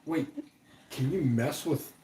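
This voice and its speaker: A man's voice: fairly high pitch, huge pitch swings, slow, gravelly, dark tone. A man, the host's husband, chiming in casually and offhandedly during a livestream. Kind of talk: casual chat.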